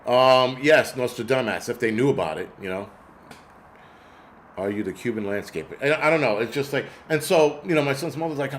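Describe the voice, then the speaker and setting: Male livestream host, mid-pitched, rambling profane storyteller, faint background noise. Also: fairly quick, fairly bright tone. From United States. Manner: rambling, profane storytelling, answers chat comments. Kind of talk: casual livestream chat.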